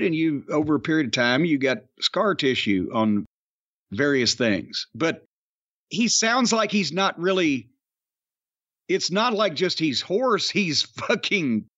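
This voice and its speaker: A man's voice: fairly high pitch, fairly bright tone, dry recording. An older man hosting a podcast, rambling and swearing freely in casual chat. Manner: profane, rambling, does mocking voice impressions. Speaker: podcast host. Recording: dull dry lo-fi sound.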